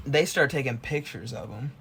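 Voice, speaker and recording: A relaxed young man talks in casual podcast chat, loose and unhurried, at an ordinary pitch. A faint hum of room noise sits behind him. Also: vocal fry. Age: young adult. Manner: laid-back, prompting questions. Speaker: podcast co-host.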